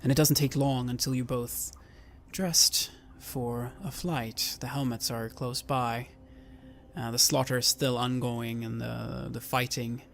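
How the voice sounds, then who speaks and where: A man running a tabletop horror game as game master, narrating steadily and pausing with fillers. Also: mid-range voice, fairly even intonation, vocal fry, a bit bright, slight background noise.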